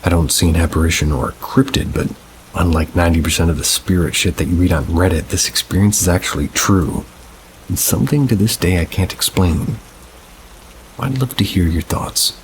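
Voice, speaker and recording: Deep-voiced man narrating ghost stories. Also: brisk, a little hiss or hum, low-quality recording. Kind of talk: reading first-person paranormal stories.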